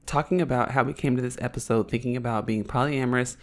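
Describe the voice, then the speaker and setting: A woman in her thirties from Oakland with an Oakland accent, co-hosting a podcast in casual banter, her voice hoarse and raspy, playful and blunt. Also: rumbling low, fairly even intonation, quick pace. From Oakland, California. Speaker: podcast co-host.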